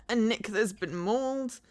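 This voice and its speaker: A woman's voice: a little high, slow, a little mellow. A woman streamer casually commenting on a game, thinking aloud and reading on-screen text.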